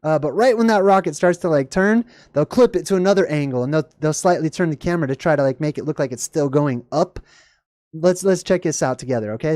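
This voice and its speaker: A man's voice: quick pace, no room sound, studio quality. Jokey man riffing over a video. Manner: animated, jokey, voice jumps high when excited. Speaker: video host. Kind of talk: casual reaction commentary.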